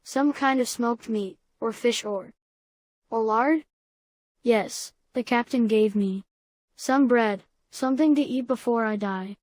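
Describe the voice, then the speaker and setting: A woman's voice: on the high side, a little mellow, no room sound. A woman reading the part of a frightened boy who stammers as he thinks aloud. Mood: anxious. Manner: halting, stammering. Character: scared, clever boy Simon trapped in tunnels.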